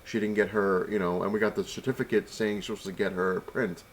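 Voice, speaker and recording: A man's voice: fairly low pitch, fairly even intonation, fast. A man casually telling a long story to camera, rambling and retelling conversations with lots of "I was like", sounding annoyed as he complains. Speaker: vlogger.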